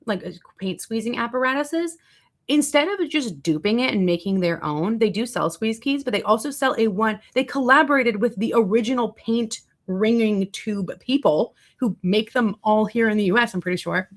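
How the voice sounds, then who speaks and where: A woman's voice: fairly high pitch, moderate pace. A young woman chatting on her livestream in a rambling, casual way, reading and answering her chat as she goes. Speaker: livestreaming content creator.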